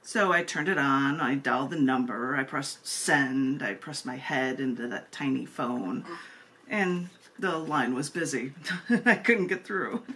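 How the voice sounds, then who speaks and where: A woman's voice: a bass voice, a little slow. A woman hosting an open mic from home over a video call, reading her own poems with chatty, laughing asides. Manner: animated, laughs often between pieces. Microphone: computer mic on a video call.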